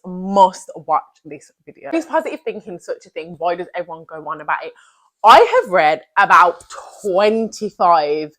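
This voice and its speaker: A woman's voice: mid-range voice, a bit bright. Emphatic young woman vlogging. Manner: emphatic, repetitive, slangy and chatty. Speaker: self-improvement vlogger. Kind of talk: motivational talk to camera.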